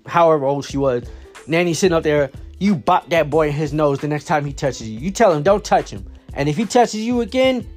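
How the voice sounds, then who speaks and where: Man with a slightly high voice, father, casual storytelling, rambling, lots of fillers, faint music behind. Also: darkish tone. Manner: rambling, many fillers and restarts.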